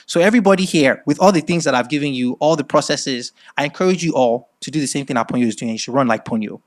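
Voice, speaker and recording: A middle-aged Nigerian man with a Nigerian accent gives a masterclass lecture, telling it as lively stories and often checking in with "right?". His voice is mid-range and he talks fast.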